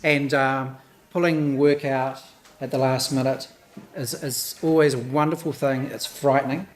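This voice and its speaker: His voice is mid-range and steady in tone, though a little hoarse and heavy with feeling. The man, an exhibiting artist, thanks people at his gallery opening, speaking nervously with halting restarts and quiet laughs.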